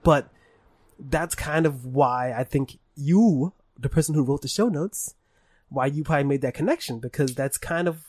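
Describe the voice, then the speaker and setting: A tipsy man rambling excitedly in a casual podcast chat and swearing often. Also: fairly high pitch, normal speed, no echo. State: tipsy from drinking. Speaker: podcast co-host.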